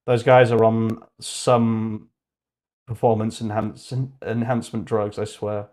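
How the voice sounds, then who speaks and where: Lowish-voiced young man streaming his coding. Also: takes it slowly. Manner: chatty, swears freely, thinks aloud; reads code notes aloud in a flat murmur. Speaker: livestreamer. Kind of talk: casual livestream chat while coding.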